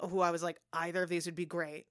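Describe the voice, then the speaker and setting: A young woman with a lowish voice chats casually as a podcast co-host. She talks in lively, rambling bursts full of fillers, recorded close and dry with no room sound. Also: quick pace, dry recording. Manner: chatty, animated, many fillers and asides. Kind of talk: casual chat.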